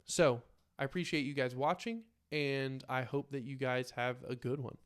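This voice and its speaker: Relaxed man narrating a solo tabletop game. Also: medium pitch, normal speed, clear, resonant tone. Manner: relaxed, lots of fillers. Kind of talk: casual solo role-play narration.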